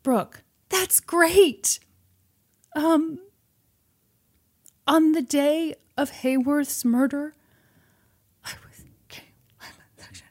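A woman voicing a dramatic young female fitness celebrity with a loud, melodramatic delivery. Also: sits high, drawn-out words, pauses often, voice pushed up. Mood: secretive.

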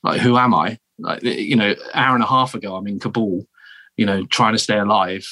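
A man with a southern English accent, a guest telling animated, self-deprecating stories in a casual interview. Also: fairly low pitch, fairly quick. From south of England. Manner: animated, self-deprecating storyteller with frequent restarts. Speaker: guest, former Marine turned teacher.

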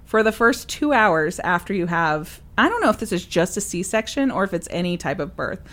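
A young woman co-hosting a podcast, chatting casually and telling a personal story with lively acted-out quotes. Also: lowish voice, moderate pace. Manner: animated storyteller, acts out quoted voices. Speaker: podcast co-host. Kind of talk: casual chat.

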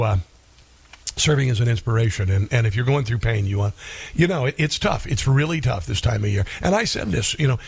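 A middle-aged man hosting a talk radio show, sharing a heartfelt personal story in a halting way, often restarting his sentences. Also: medium pitch, vocal fry, breathy edge.

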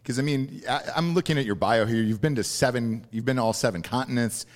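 A man's voice: medium pitch, fast. A man hosting a casual interview podcast, joking around and swearing freely. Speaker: podcast host.

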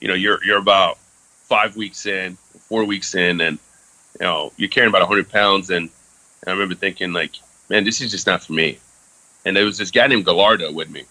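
Low bright-voiced man telling a war story. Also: a little fast, rough recording. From France. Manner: candid, swears casually, many fillers. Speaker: guest. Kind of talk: casual storytelling interview.

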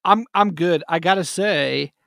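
A man co-hosting a casual sports podcast, jokey and self-deprecating, talking in quick bursts. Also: high voice, creaky, sharp tone, dry recording, clean studio sound. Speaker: podcast co-host.

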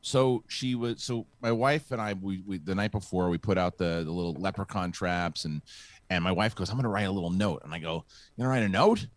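A middle-aged man hosts a casual live show, telling a story with lots of restarts and fillers. His voice sits low. The sound is dry and close. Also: brisk, no echo. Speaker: host.

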